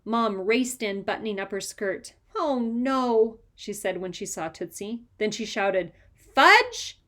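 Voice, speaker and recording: A woman reading a children's chapter book aloud with lively, expressive narration. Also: mid-range voice, normal speed. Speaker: reader. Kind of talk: storybook read-aloud.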